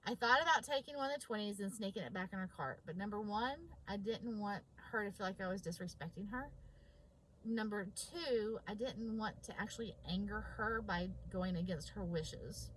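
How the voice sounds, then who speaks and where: A woman's voice: medium pitch, normal speed, a little hiss or hum, low-quality recording. A woman vlogger telling a personal story, acting out both sides of a conversation with emphasis. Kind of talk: storytelling vlog.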